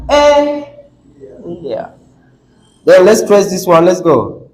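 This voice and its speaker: A man's voice: high-pitched, lively intonation, slow pace, a little mellow, slight background noise, rough recording. A man with a Nigerian English accent teaching a classroom lesson on word stress, coaxing the class, repeating words and asking questions.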